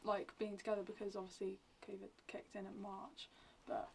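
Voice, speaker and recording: Band girl answering interview stuff, kinda creaky voice, lots of um and like, mic a bit far away. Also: medium pitch, level tone, moderate pace. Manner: loose and hesitant, lots of fillers. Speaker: band member. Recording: distant mic with faint noise.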